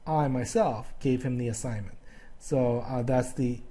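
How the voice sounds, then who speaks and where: A man records a grammar lesson for his students, walking through examples one at a time. His voice is mellow and relaxed, sitting at an ordinary middle pitch. He pauses often to ask "okay?" as he goes. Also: a little hiss or hum. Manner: patient, explains step by step, frequent "okay?" checks. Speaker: teacher.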